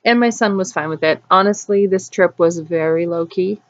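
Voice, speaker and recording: A woman's voice: on the low side, moderate pace, dull audio. A woman hosting a casual cross-stitch vlog outdoors in her backyard, chatting loosely and wandering off topic. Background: birds singing.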